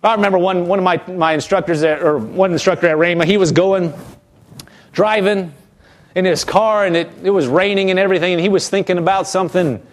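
High-voiced man preaching a sermon. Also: brisk. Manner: animated preaching, acting out quotes in character voices. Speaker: pastor.

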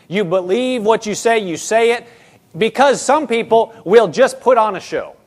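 High-voiced man preaching with animated energy. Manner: animated, conversational preaching with quick restarts; acts out quoted people in his own voice. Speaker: pastor. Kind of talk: sermon.

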